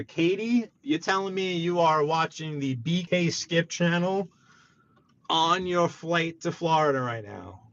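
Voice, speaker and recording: A man talks to his stream viewers from behind the wheel, joking and teasing. His voice sits a little high and jumps around in pitch. The audio is dull and lo-fi, with faint road noise behind him. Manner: animated, joking, chatty with viewers. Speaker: live-streaming driver. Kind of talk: casual live-stream commentary while driving. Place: inside a moving car.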